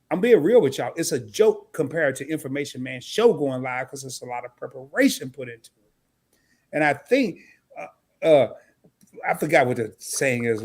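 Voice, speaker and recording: A man hosting a casual live stream, telling stories with animated energy and talking straight to his viewers. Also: on the high side, breathy edge. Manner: animated storytelling, talks straight to the chat. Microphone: camera mic.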